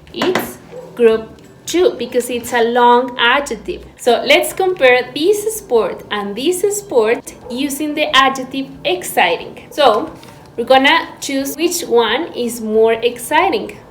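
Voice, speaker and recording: A woman teaching an English lesson to learners, explaining slowly and clearly, breaking words into syllables. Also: fairly high pitch. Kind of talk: recorded online class. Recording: echoey room with faint background noise.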